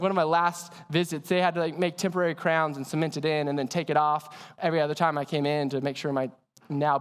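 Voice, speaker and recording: Guy preaching with lots of energy, asks the crowd stuff, big echoey church hall. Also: high-pitched. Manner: energetic storytelling with audience questions. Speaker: pastor. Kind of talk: sermon. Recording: long hall reverb.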